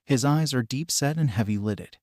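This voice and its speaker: A man giving steady storybook narration of a fan story. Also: medium pitch, normal speed, dry recording, clean studio sound.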